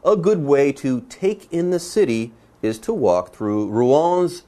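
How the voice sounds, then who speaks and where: A man's voice: mid-range voice, animated, slow, warm tone. A man hosting an English lesson, explaining the text in an easygoing, joking way. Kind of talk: casual explanatory chat.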